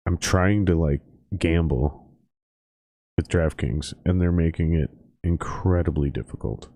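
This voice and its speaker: A man's voice: deep voice, a little slow, warm tone, dry recording. A man hosting a casual show, swearing and grumbling to himself in exasperation as he drinks. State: drinking while talking. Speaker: podcast host. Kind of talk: casual profane rant and phone chat.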